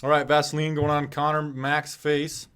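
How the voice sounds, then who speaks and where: A man's voice: on the high side, completely flat delivery, normal speed, a bit bright, smooth. A man from Nebraska hosting a live fight stream, commenting casually with a chatty, self-deprecating, wry manner. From Nebraska, USA.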